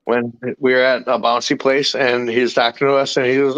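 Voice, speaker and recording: A man's voice: mid-range voice, flat delivery, rapid-fire, few pauses, fairly bright tone, dull audio. A man in casual chat, arguing his point, swearing freely and chewing as he talks. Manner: talks while eating, swears freely, argumentative.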